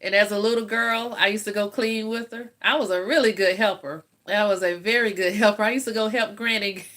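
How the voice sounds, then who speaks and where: With a mid-range, slightly bright voice, she talks a bit fast in a steady tone. The older Southern US woman eats on a live stream, laughing frequently and swapping stories in casual chat with her viewers.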